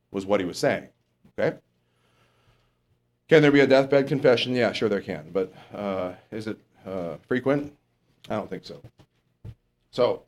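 A man's voice: medium pitch, a little mellow. A man preaching a sermon in a conversational way, asking the congregation questions and correcting himself as he goes.

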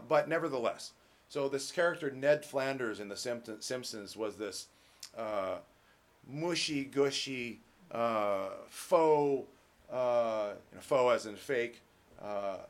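A man preaching a sermon as pastor, emphatic and rising loud on key points, with conversational asides and fillers. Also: medium pitch.

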